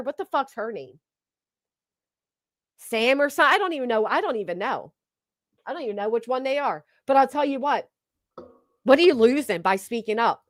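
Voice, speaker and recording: A woman's voice: fairly high pitch, no echo, clean studio sound. A woman streamer giving blunt, sarcastic, profane gossip commentary while reading her chat, on a desk microphone. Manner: blunt, sarcastic, heavy cursing. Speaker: livestream commentator. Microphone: streaming desk mic.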